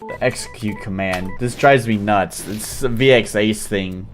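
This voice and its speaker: A man's voice: fairly low pitch, unhurried. Man rambling over game music. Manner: rambling, offhand. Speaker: game streamer. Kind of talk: casual live commentary. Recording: faint game music behind.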